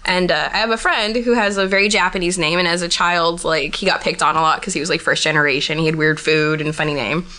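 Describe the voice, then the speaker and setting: A woman's voice: fairly low pitch, steady tone, quick pace, hardly any pauses, sharp tone. A young woman talking in a casual chat, blunt, sarcastic and full of profanity. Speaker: guest.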